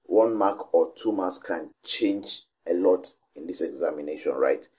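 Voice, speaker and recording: A man's voice: low voice, unhurried, warm tone, breathy edge. A man tutoring students for an exam in an informal video lesson, often tagging his points with "right?". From Nigeria. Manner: keeps asking "right?" after each point.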